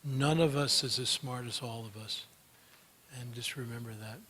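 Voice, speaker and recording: A man's voice: mid-range voice, steady tone, moderate pace, pushed and bright, husky. A man speaking as a guest at a gathering, answering audience questions in a chatty, storytelling way with many fillers. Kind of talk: conference Q&A talk.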